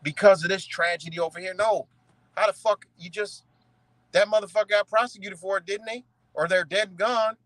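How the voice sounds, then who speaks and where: A young man from ranting in commentary, profane and animated, often asking "right?". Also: high-pitched, normal speed, no echo, rough recording. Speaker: commentary streamer.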